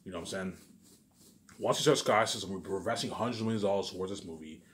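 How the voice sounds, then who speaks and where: A man's voice: low-pitched, quick pace, background noise. A man rambling through a daydream monologue, stumbling over restarts and saying "obviously" and "you know what I'm saying" over and over. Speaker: vlogger.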